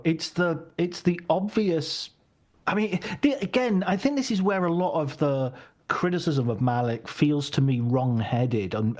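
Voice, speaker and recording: A man hosting a film podcast, chatting casually, animated and rambling, who laughs often. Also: medium pitch. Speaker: podcast host.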